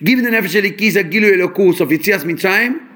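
Brief: male Torah teacher, high pitched, lively, homely examples, Hebrew terms sprinkled in. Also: quick pace. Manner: animated, explains with homely examples; mixes English with Hebrew and Yiddish terms. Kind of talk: fabrengen talk on Chassidic teachings.

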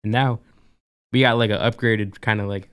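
A man's voice: on the low side, steady tone, normal speed, fairly bright tone, smooth. A young man in a college dorm room, co-hosting a podcast in a laid-back, slangy way. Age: young adult. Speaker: podcast co-host. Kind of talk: casual chat.

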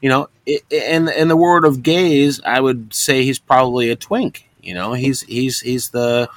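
A man's voice: medium pitch, steady tone, moderate pace, no echo. A man co-hosting a podcast, telling rambling, crude stories in casual chat. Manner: rambling storyteller, profane and joking. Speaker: podcast co-host.

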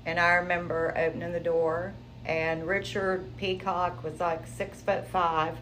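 A woman sharing her personal testimony in an interview, telling it in a lively, conversational way. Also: on the low side, unhurried, slight background noise, rough recording. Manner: animated, conversational storytelling.

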